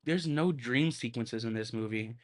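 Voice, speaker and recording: On his own podcast, a man with a medium-pitched voice reviews a film solo at a moderate pace in a loose, casual style. He rambles, doubles back, uses lots of filler words, and swears freely.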